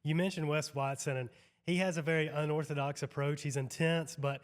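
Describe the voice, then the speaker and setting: Man, podcast host, slightly high voice, casual, agreeable, chatty. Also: steady tone, brisk. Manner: agreeable, casual, says "dude" and "yeah" a lot.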